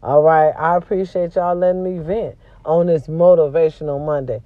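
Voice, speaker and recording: A woman's voice: low-pitched, fairly even intonation, normal speed, no echo, phone-quality sound. A woman hosting a casual vlog, venting to her viewers in a blunt, profane way, with a sore throat from a cold. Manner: blunt and profane, swings between loud and quiet. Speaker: vlog host.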